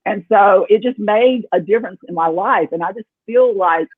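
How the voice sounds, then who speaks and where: Earnest guy on a panel, high husky voice, sounds like a phone line. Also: normal speed, dry recording. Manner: earnest, emphatic, uses repetition. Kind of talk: casual panel talk. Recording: tinny phone-like call audio.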